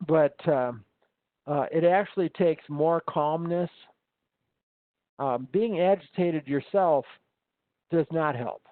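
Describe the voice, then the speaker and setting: A man with a slightly raised pitch talks casually over a tinny, phone-like call. He rambles through his stories, full of ums and false starts. The sound is dry and close, with no room around it. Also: slow, pauses often, no room sound. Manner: rambling storyteller, many ums and restarts. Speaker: instructor. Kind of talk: casual conversation.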